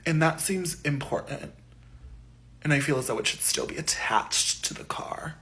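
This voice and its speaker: A man talking in a dry, deadpan, wry way in a casual vlog. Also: fairly high pitch, moderate pace.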